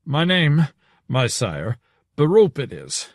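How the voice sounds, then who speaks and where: A man's voice: on the high side, wildly swooping pitch, slow, dry recording, studio quality, voice pushed up, exaggerated voice. A man reading an audiobook, voicing a portly, breathless older innkeeper who gasps and speaks in inverted word order. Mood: gasping. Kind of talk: audiobook character voice.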